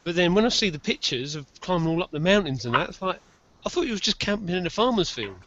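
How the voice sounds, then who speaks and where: A man's voice: high voice, animated, fast talker, a bit bright. A man in casual podcast chat, easygoing and agreeable. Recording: dull lo-fi audio.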